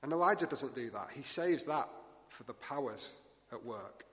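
A man preaching a sermon to a congregation, his voice ringing out with a long reverb tail from the hall. He tells the story in a relaxed, conversational way and makes asides to the listeners, then acts out the lines he quotes. His pitch sits in the middle range for a man. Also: moderate pace.

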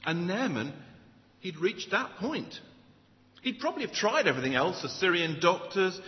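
Speaking at a moderate pace in a high voice, this preacher starts his sermon with a joke, then tells it in an animated storyteller's style, asking his audience rhetorical questions. The recording is dull and echoes through a large hall.

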